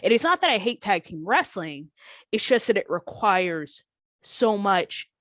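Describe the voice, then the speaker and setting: A woman's voice: mid-range voice, a little slow, dry recording. Candid woman telling a painful story. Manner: emotional, candid, quotes others in lively voices. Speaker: guest, former pro wrestler.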